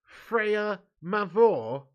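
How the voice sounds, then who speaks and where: A man's voice: high voice, lively intonation, extremely slow, smooth, lo-fi sound. Laughing, joking streamer man. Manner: jokey banter, laughs often. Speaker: football watch-along streamer. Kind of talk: casual live-stream chat, reading out viewer comments.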